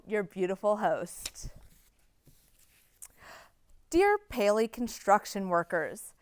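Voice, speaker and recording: Smooth-voiced young woman hosting with deadpan sarcasm. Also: a little high, dry recording, studio quality. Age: 20s. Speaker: student TV show host. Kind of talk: scripted comedic monologue.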